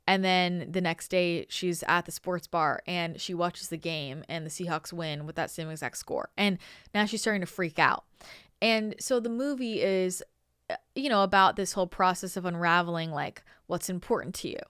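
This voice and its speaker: Hosting her show, a channeler from Northern California rambles casually through a story, constantly saying "like" and "you know." Her lowish voice has a fairly bright, clean tone at normal speed, and the studio recording is clean with no room sound.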